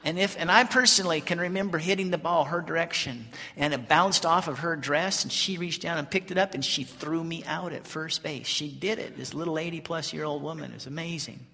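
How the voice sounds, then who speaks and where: A pastor from Colorado tells an animated, folksy story during a sermon. His voice is bright and gravelly with a slightly high pitch. Long hall reverb trails his words. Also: a little fast, hardly any pauses.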